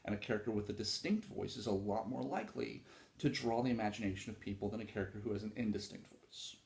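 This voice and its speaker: A man's voice: on the low side, quick pace, creaky, darkish tone, echoey room. A man hosting a casual solo talk on writing craft, rambling and informal with frequent fillers and some swearing. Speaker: podcast host talking about writing.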